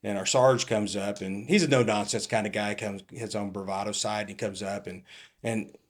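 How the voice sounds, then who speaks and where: A middle-aged man from California, a retired police captain, telling animated stories as a podcast guest and laughing often. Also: lowish voice, normal speed. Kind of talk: casual storytelling.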